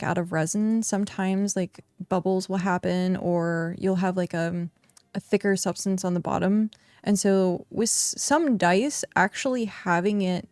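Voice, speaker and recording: Woman, streamer, casual gaming chat, rambling, filler-heavy, mid pitch, dry close mic. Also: a little mellow, no room sound. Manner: chatty and rambling, many fillers. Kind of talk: casual chat while livestreaming a game.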